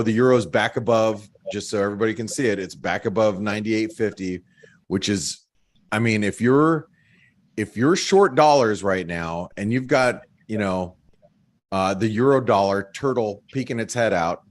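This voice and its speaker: A man's voice: fairly low pitch, normal speed. A man talking casually on a trading webinar as a market analyst, loose and chatty with many fillers, laughing at his own jokes. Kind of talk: casual chat walking through charts.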